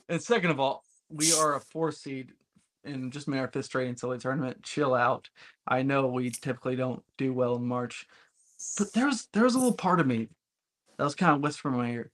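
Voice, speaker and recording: Male podcast host, mid-pitched, blunt and emphatic; casual fan talk. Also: moderate pace. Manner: emphatic, blunt, occasionally profane. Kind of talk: casual sports podcast chat.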